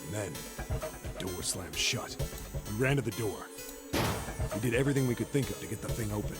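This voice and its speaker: Man reading a story aloud, lowish voice, music underneath. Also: animated, a little fast. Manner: plain narration, swearing in asides. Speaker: streamer. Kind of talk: reading a visual novel aloud.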